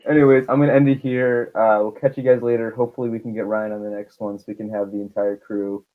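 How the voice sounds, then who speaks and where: A man's voice: fairly low pitch, little pitch movement, fast. Rambling teen guy hosting a podcast. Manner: rambling, jokey, wraps up the show. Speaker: podcast host. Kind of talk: casual chat with friends. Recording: dull lo-fi sound.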